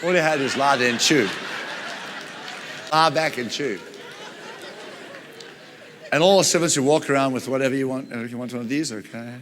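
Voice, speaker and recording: A man preaching a storytelling sermon, retelling a Bible story in an animated way with frequent chuckles. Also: medium pitch, normal speed, long pauses, in a large hall, crowd noise, background noise.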